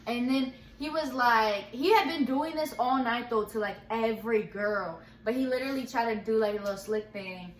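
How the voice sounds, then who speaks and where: A young woman casually telling a storytime, rambling and animated, acting out what people said, full of slang. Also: fairly high pitch, moderate pace, hardly any pauses, echoey room. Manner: rambling, animated retelling with quoted dialogue and slang.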